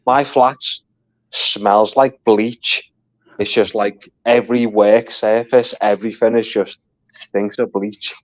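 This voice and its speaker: Dull lo-fi audio with no room sound carries a live stream guest who talks casually, curses, and laughs a lot while telling stories. His voice is fairly low, fairly even in intonation, and slow.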